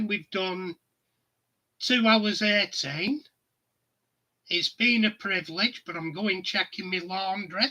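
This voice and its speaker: A man's voice: sits high, bright, forceful tone. A middle-aged man, hosting a casual chat stream and telling anecdotes that he laughs at. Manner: chatty storyteller, laughs at his own anecdotes. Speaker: livestream host.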